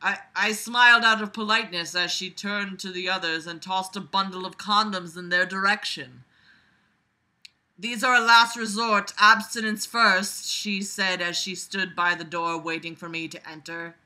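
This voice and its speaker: Woman reading a story out loud at home, sharp bright voice, snarky comments in between. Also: lowish voice, steady tone, normal speed, hardly any pauses. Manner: sarcastic asides, laughing, playing with a cat. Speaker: reader of a web story.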